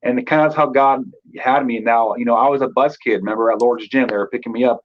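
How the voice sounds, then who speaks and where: A man's voice: mid-range voice, steady tone, quick pace, muffled recording. A man in his thirties from Northern California, a guest telling his life story in loose casual talk with many fillers. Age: 30s.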